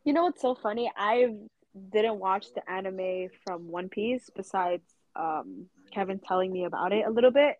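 A woman with a non-native English accent, a guest in a casual podcast chat, soft-spoken and chatty. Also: mid-range voice, normal speed, no echo, narrow, tinny audio.

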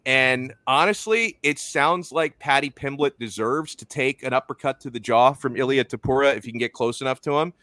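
A man's voice: mid-range voice, moderate pace, hardly any pauses, pushed and bright, dry recording. A man hosting a sports talk show, chatting loosely with lots of restarts. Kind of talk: casual sports chat.

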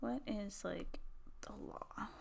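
A woman's voice: medium pitch, slow pace, vocal fry, whispered. A woman co-hosting a podcast from a small home studio, chatting casually, laughing a lot and saying "like" often. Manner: giggly, chatty, lots of "like". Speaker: podcast co-host. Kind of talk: casual chat.

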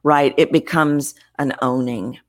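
A woman with a notably low voice, answering interview questions as a voice coach. She talks expressively, shifting her delivery to show what a voice can do. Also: unhurried. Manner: expressive, demonstrates vocal variety while explaining. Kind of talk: interview conversation.

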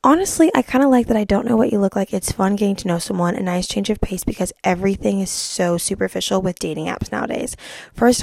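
A young woman hosts her own podcast in casual chat. She tells a story in a gossipy, rambling way, full of "like"s. Her voice is dark and relaxed with a gravelly fry, and the sound is dry and close. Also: medium pitch, no room sound. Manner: chatty, gossipy storytelling with many "like"s. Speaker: podcast host.

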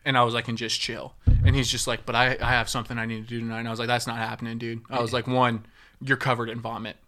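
A young man with a bright, forward voice, telling a story in loose casual chat. He acts out what people said as he goes and swears freely, all at an ordinary middle pitch. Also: fast talker. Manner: animated storyteller acting out quotes, swears freely.

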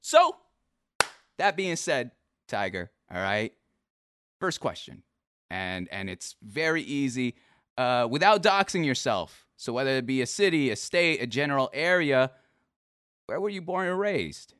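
Bright-voiced young man hosting a show. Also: medium pitch, sing-song, a little slow, clear, resonant tone, no echo, clean studio sound. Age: young adult. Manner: laughing, teasing, then earnest. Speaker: podcast host. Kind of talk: casual livestream interview.

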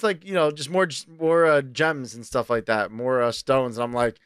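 A man from New York co-hosting a podcast, telling stories in a loose, animated, profane way and jumping into high excited voices when he quotes himself. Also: fairly quick, few pauses, clean tone, dry recording, clean studio sound. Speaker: podcast co-host. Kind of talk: casual chat, storytelling.

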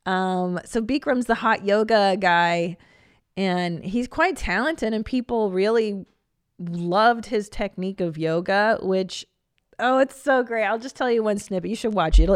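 Chatty and profane, a woman in her 40s hosts a podcast with a comedic, casual monologue full of laughter. She speaks at a measured pace in a smooth, mid-range voice; the studio-quality audio has no echo.

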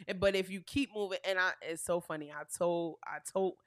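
A woman's voice: mid-range voice, fairly even intonation, moderate pace, hardly any pauses, dry recording, studio quality. New woman in casual chat. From New York. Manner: conversational, explaining with reported dialogue.

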